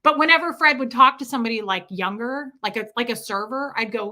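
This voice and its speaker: A woman hosting a livestream, answering viewer questions in a casual, animated, rambling way. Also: on the high side. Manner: animated rambling storytelling, quick bursts. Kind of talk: casual chat.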